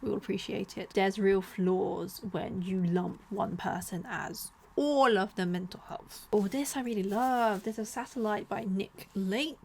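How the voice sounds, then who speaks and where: A young woman chatting casually about books she is giving away, lively and expressive, slipping into whispered asides. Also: medium pitch, measured pace, vocal fry, hardly any pauses. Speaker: book vlogger. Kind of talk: casual chat.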